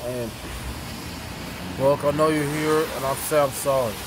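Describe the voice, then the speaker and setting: A man vlogging a casual, rambling apology to camera, halting and repeating himself. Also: fairly high pitch, steady tone, noisy background. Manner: repetitive, halting, with restarts.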